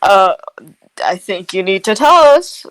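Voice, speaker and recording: A woman playing a tabletop game, chatting in a giggly, animated way. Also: mid-range voice, unhurried, no echo, rough recording. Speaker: player. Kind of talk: casual tabletop role-play.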